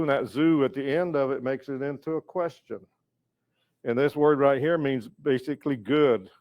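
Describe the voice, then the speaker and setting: Older guy teaching words real slow and patient, says each one twice, kinda muffled lo-fi sound. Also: medium pitch. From North Carolina. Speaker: educator and storyteller. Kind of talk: language lesson.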